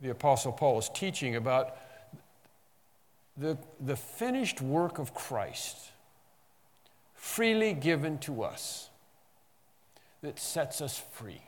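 A man preaching an expository sermon, emphatic, slowing on key phrases and rising in bursts. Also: medium pitch, sing-song, long reverb tail. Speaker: pastor.

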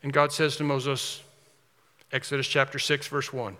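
Male preacher, sermon, forceful ringing voice, slightly high, long hall reverb. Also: normal speed. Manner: animated storytelling, shifts to soft earnest close.

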